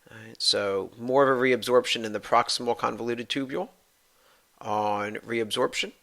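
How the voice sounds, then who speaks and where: A man's voice: lowish voice, gravelly, fairly bright tone. A man, a professor, giving a recorded anatomy lecture, explaining step by step and restating his points with many fillers.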